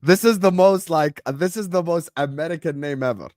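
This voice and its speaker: A man's voice: a little high, fairly quick, darkish tone, no room sound, studio quality. A man whose first language is Arabic, hosting a football watchalong stream and bantering casually with his chat in a joking manner.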